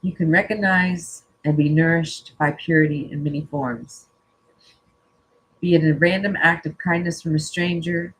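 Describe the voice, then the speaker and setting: Husky-voiced spiritual coach reading slowly. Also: medium pitch, steady tone, fairly bright tone, rough recording. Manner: slow, earnest reading broken by casual joking asides. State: teary-eyed. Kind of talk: reading an inspirational spiritual text aloud.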